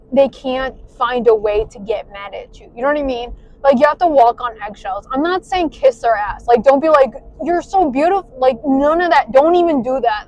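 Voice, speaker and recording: A woman's voice: high-pitched, poor audio. A young woman talking frankly while driving, swearing freely and filling her talk with "like". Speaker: vlogger. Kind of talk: casual venting while driving. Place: inside a car.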